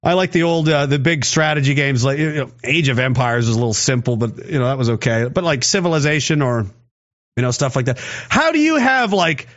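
A Canadian man streams live, reading chat and rambling sarcastically with plenty of cursing in casual commentary. His voice is medium-pitched and fairly bright, with lively intonation and a brisk delivery. The recording has its highs cut off.

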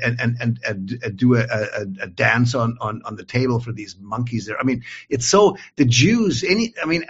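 A man's voice: mid-range voice, breathy edge. A man in a casual online conversation, speaking emphatically and defiantly, rambling and repeating words as he searches for them. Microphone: video call. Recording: dull lo-fi call audio.

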